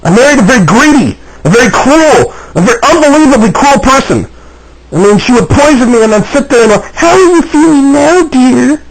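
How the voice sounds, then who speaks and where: Here the pitch is extremely high, and the delivery is expressive, a bit fast, and husky. It's another agitated personal video where the man keeps repeating himself and restarting, all on poor audio.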